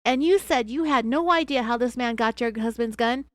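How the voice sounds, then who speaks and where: A woman's voice: fairly high pitch, moderate pace, dry recording, voice pushed up, natural voice. A woman voicing a male federal agent who pushes hard in an interrogation. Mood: insistent. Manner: insistent, pressing, raised voice.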